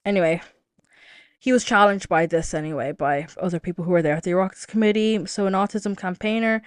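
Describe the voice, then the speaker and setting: A woman's voice: mid-range voice, brisk, clean tone, no room sound. Chatty woman on a dry mic. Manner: chatty, exasperated, talks straight to listeners. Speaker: podcast host. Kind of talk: casual solo commentary podcast.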